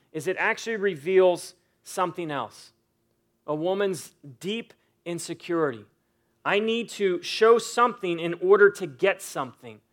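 A man preaching a sermon, earnest and emphatic, repeating phrases for weight and reading scripture slowly and dramatically. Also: sits high, a bit bright. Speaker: pastor.

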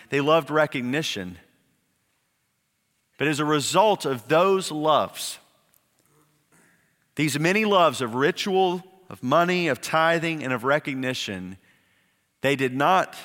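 A male pastor giving a sermon, emphatic, repeating words and slowing down on key phrases to press a point home. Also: a little high, fairly bright tone. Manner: emphatic preaching with repetitions and slowed, dropped phrases. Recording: long reverb of a hall.

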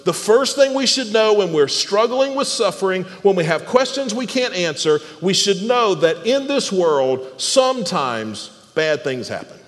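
A male pastor preaching with a high, very lively voice that swings up and down. He restarts phrases by repeating words and throws questions out to the congregation, and his voice rings with the long echo of a church hall. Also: unhurried, few pauses. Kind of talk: sermon.

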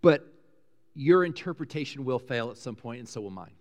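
A middle-aged man preaching a sermon as a pastor, conversational and animated, rising loud and high when excited. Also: normal speed. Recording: preached in a church, long reverb.

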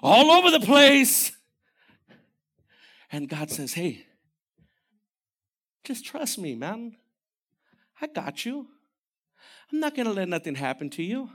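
A man preaching a sermon as pastor, animated, swinging from shouted lines to hushed, near-whispered ones. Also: high voice, measured pace, long pauses.

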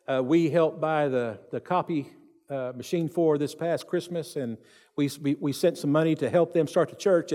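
A man's voice: a little high, a little mellow, long reverb tail. A man, a pastor telling a story in a sermon and acting out the people in it. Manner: retells stories with quoted voices, repeats phrases.

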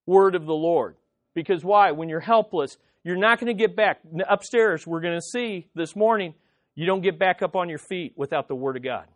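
A pastor delivers a dramatic sermon, throwing rhetorical questions at the congregation and calling for amens. His medium-pitched voice swings from loud, pressing lines to soft, hushed ones.

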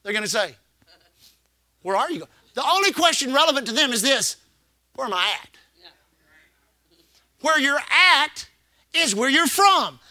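Pastor guy preaching, real high voice, dry close sound, lots of repeating and call and response. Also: sing-song, measured pace, pauses often, pushed and bright, no echo. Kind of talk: sermon.

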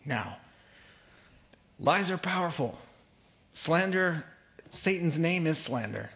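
Animated preacher, man, story-driven sermon. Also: a little high, takes it slowly, creaky. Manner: animated, acts out voices in anecdotes, laughs along with audience. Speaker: pastor.

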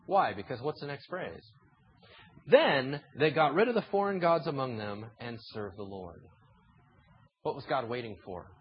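A man preaching a sermon, acting out imagined conversations between God and people in an animated way. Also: medium pitch, highs cut off, a little hiss or hum. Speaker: pastor.

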